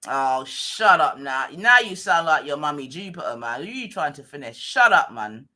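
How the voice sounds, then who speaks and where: A woman's voice: sits low, sing-song, moderate pace, pushed and bright. A woman with a London accent hosting a live stream, mocking and swearing at a caller in a heated argument.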